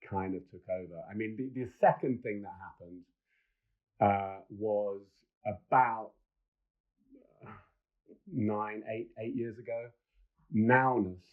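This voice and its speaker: A middle-aged man, a film director and podcast guest, telling enthusiastic, rambling stories with many restarts. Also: low voice. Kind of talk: casual podcast storytelling. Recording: dull lo-fi sound.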